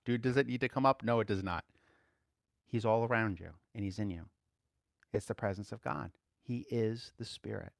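A man preaching an informal sermon to a class, conversational and quick to laugh, swinging from emphatic outbursts to quiet asides. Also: medium pitch, no echo, clean studio sound.

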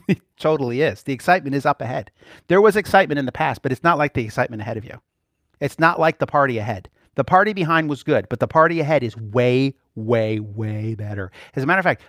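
A man preaching a sermon in an animated, playful way, often laughing between points. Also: fairly high pitch, no room sound, studio quality.

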